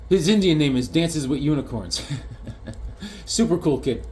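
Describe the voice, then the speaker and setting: A man chats through his comic collection, swinging between rambling anecdotes and deadpan punchlines. His voice sits a bit higher than most men's and moves around a lot, giving his show-and-tell a lively, animated feel. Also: a little slow, slight background noise. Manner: rambling joke-telling storyteller, punchlines. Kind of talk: casual show-and-tell with jokes.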